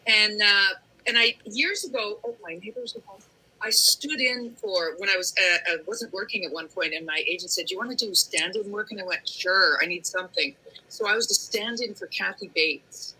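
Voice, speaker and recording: A woman actor on a fan panel, telling lively stories and acting out quoted lines. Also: medium pitch, normal speed, husky, rough recording. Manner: animated storyteller acting out quotes. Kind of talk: casual panel chat.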